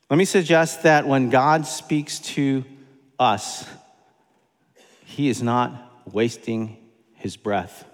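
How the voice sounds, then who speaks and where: A man's voice: medium pitch, measured pace. Emphatic preacher man in a reverberant hall. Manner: emphatic, repeats key phrases for weight. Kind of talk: sermon.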